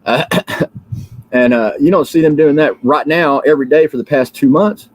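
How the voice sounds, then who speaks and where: This is a rambling political livestream from a sleepy American host fresh out of bed, heated and repetitive with lots of restarts and filler words. He talks at a moderate pace in a higher-than-average male voice, with no room sound but poor audio quality.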